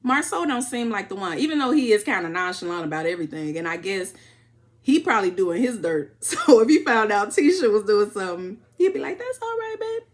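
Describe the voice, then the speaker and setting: A woman from Chicago giving a casual, animated reality-show recap, acting out what people said. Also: medium pitch, fairly quick. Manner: animated retelling, acting out quotes with laughs.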